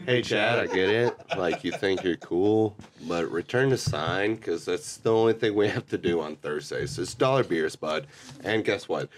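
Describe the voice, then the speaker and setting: A man's voice: low-pitched, a little slow. A man in his twenties, a bar manager guest on a podcast, chatting in an easygoing, profane way and slipping into mocking voices. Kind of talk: casual chat.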